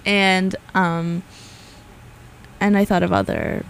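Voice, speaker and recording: A woman's voice: medium pitch, normal speed, slight background noise. A woman co-hosting a casual music chat, playful and rambling. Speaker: co-host.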